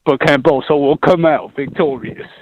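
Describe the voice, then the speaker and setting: A man voicing a male boxing pundit in a drawn-out, announcer-like delivery. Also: on the high side, steady tone, no room sound, muffled recording, natural voice. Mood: declaring.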